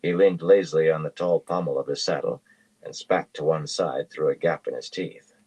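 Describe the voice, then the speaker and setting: Male audiobook reader: very low pitch, husky, steady and measured. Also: low-quality recording. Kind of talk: reading a fantasy novel aloud.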